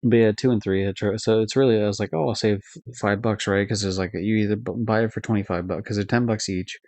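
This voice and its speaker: A man's voice: lowish voice, steady tone, quick pace, a little mellow, dry recording. A young man streaming live, rambling casually through game ratings with lots of fillers, swearing and self-corrections. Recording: dull lo-fi dry stream audio.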